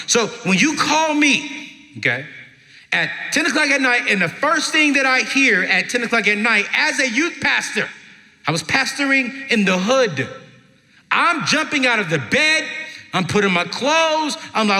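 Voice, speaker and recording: Man, stage storyteller, bright and forceful, swings high and low, long hall echo. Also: measured pace. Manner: animated, jumps to shouting acted quotes. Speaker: speaker at a parenting event, former youth pastor. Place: event stage in a large hall.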